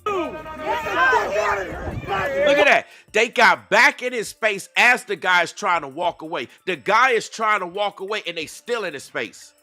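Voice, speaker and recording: A man with a high, lively voice delivers heated commentary, slangy and confrontational. He keeps circling back to the same points with rhetorical questions, sounding bright and dry against faint music. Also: a little slow. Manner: loose slangy talk aimed at the audience. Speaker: commentator reacting to video clips.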